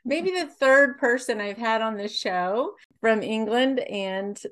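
A woman's voice: on the high side, takes it slowly. Gushing woman host. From Kentucky, USA. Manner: gushing, effusive. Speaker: podcast host. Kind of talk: enthusiastic podcast introduction and interview.

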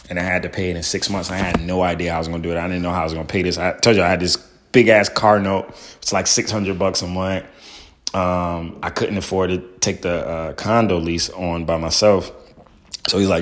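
A man, a stand-up comedian, telling his own story in a loose, profane way full of fillers and "boom". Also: steady tone, fairly quick. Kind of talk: casual storytelling.

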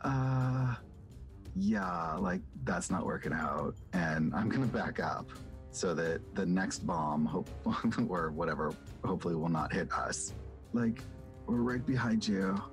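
A player at a tabletop game with a low, deep voice who talks slowly. The delivery is easygoing and full of casual filler words. Faint music runs underneath. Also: expressive. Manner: slow, easygoing, says "like" a lot.

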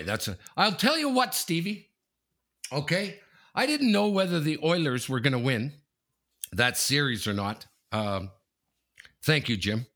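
A man co-hosting a casual sports podcast, talking in an animated, repetitive way, often tossing in "okay?" and swearing freely. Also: medium pitch. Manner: animated and repetitive, keeps saying "okay?" and the host's nickname. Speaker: podcast co-host.

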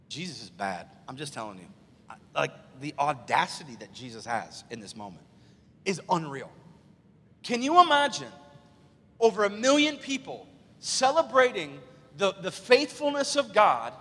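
A man preaching a live church sermon, asking the congregation rhetorical questions and swinging from hushed low lines to loud exclaimed peaks. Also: sing-song, moderate pace, husky. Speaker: pastor. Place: large church sanctuary. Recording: church hall reverb.

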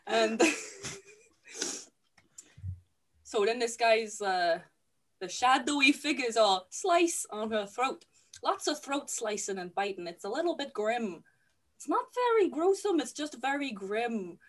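A woman casually recapping a film for a podcast, sweary and laughing, slipping into quick character voices. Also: a little high, big pitch swings.

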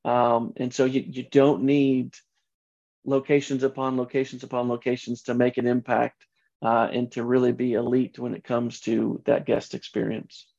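Earnest man, flat delivery, dull sound. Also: medium pitch, moderate pace, creaky. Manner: earnest, many restarts. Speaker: franchise executive guest. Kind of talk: podcast interview answers.

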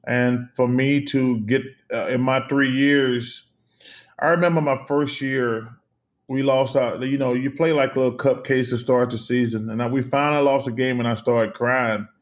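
A middle-aged man from the United States, a guest in an interview, telling stories in an animated, emphatic way, repeating phrases and swearing casually. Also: mid-range voice, moderate pace. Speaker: interview guest, former basketball player.

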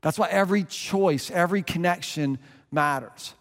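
A man's voice: sits high, normal speed, in a large hall. A middle-aged man preaching a sermon as a pastor, earnest and conversational, often restarting his phrases.

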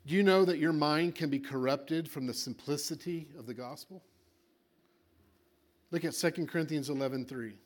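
A man preaching a sermon with animated delivery, acting out little voices and swinging between loud and quiet. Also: a little high, normal speed.

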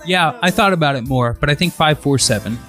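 A man's voice: on the high side, a little fast, bright, forceful tone, soft background music. A man co-hosting a podcast in casual chat, with a dry, wry sense of humor. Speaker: podcast co-host.

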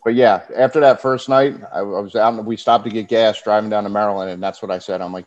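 A man's voice: lowish voice, steady tone, quick pace, a little mellow. A man who is a former pro wrestler, a podcast guest telling stories casually and animatedly, often laughing as he talks. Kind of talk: casual storytelling. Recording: muffled lo-fi podcast audio.

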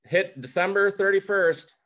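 A man's voice: high voice, measured pace, fairly bright tone. Emotional man in his forties, fired up. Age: 40s. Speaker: guest speaker. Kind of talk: motivational testimony on a video call.

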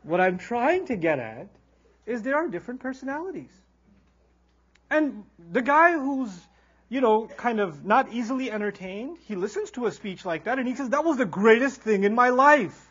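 Husky-voiced man lecturing with humor. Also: very high-pitched, moderate pace, highs cut off. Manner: animated storyteller, acts out quoted characters. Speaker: Islamic teacher.

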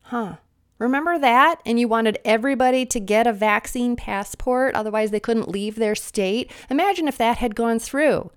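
Woman, sarcastic commentator, slightly high voice, lecturing tone, a bit sniffly. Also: moderate pace, clean tone. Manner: mimics opponents in shrill voices. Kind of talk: political commentary monologue.

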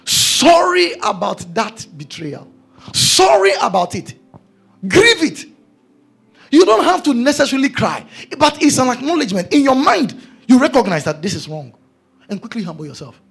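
A man's voice: very high voice, sing-song, normal speed, vocal fry, a bit bright, slightly rough. A male preacher delivering a sermon, emphatic and repeating his key phrases.

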